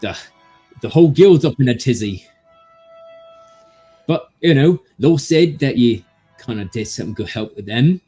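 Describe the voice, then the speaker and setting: A man's voice: mid-range voice, expressive, measured pace, pauses often, mellow, slightly rough, soft background music. A man voicing a big, bristly, friendly male adventurer with a folksy, hearty way of talking.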